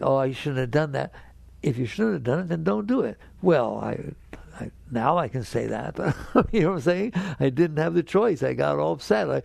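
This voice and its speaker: Gravelly older man giving a spiritual talk. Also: darkish tone, no echo. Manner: direct, conversational, keeps checking the audience understands; grows emphatic and higher when making a point. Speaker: spiritual teacher.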